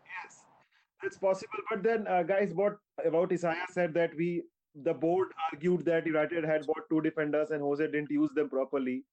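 A man with a high-pitched voice hosts a casual football discussion, steering the topics and putting questions to his guests. His audio sounds dull and lo-fi. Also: steady tone, moderate pace, a little mellow. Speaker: podcast host.

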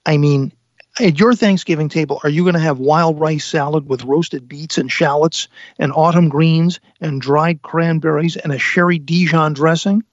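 A man's voice: fairly high pitch, steady tone, moderate pace, no echo, muffled recording. A man hosting a radio talk show live from an inn, chatting with enthusiasm and lots of fillers. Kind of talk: casual radio chat from a live remote broadcast. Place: inn dining room on location.

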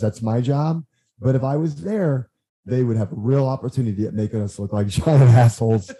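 A man guesting on a podcast, telling stories in a lively, rambling way and acting out what others said. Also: medium pitch, rough recording. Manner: animated, acts out quotes, frequent restarts. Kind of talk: casual storytelling chat.

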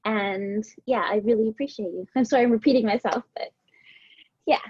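A woman's voice: on the high side, fairly quick, darkish tone, husky, no room sound, lo-fi sound. A woman guest on a podcast, talking in a rambling, heartfelt way, a little out of breath. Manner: rambling with many "like" fillers, heartfelt. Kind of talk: casual interview chat.

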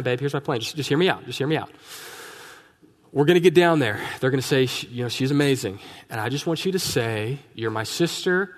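A pastor voicing a nervous husband who pleads with his wife in a wheedling, hurried way, in a church with long reverb. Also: medium pitch, lightly acted.

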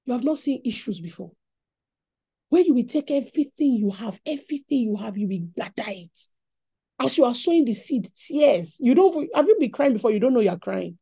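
A woman with a Nigerian accent preaching a sermon in an animated teaching style. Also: on the high side, fairly quick, creaky, husky.

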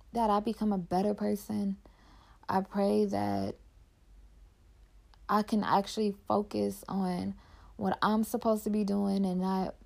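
A woman's voice: mid-range voice, creaky, warm tone. A young woman podcaster talking candidly and heartfelt in casual personal reflection, filling her talk with "like". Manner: candid and heartfelt, heavy use of "like".

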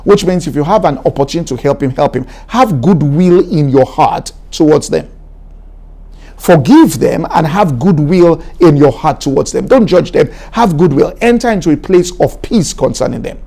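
Mellow-voiced man preaching. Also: lively intonation, moderate pace. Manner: preaching, rising to an emphatic raised pitch; repetitive, exhorting delivery. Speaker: pastor. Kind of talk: sermon.

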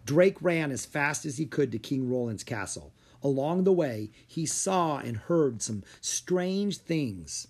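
A man narrating a children's adventure story with an expressive, storyteller's delivery. His voice sits slightly high for a man and swings widely in pitch. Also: takes it slowly, hardly any pauses, slightly rough. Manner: expressive reading. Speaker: audiobook narrator.

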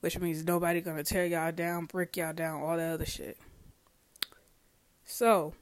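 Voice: mid-range voice, little pitch movement, measured pace, no room sound. Profane rambling podcast host, dry sound. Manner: profane, storytelling, acts out dialogue; rambling, self-correcting. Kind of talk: casual discussion monologue.

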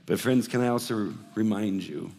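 A male pastor preaching a sermon in a church, swinging between loud emphatic bursts and hushed, soft passages. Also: fairly low pitch, moderate pace, vocal fry, big-room sound. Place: church hall, preaching from the floor.

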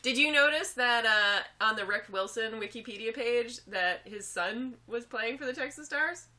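A bright, forceful woman co-hosting a casual podcast chat. She talks at a higher pitch and breaks often into loud cheers and laughter. Her delivery is energetic and excitable. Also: moderate pace. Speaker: podcast co-host. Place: Boulder area.

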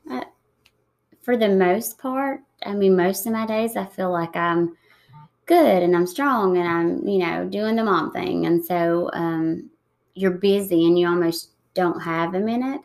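A woman in her thirties, soft-spoken and reflective, talking slowly with pauses in an emotional interview. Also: fairly low pitch, vocal fry. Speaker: guest.

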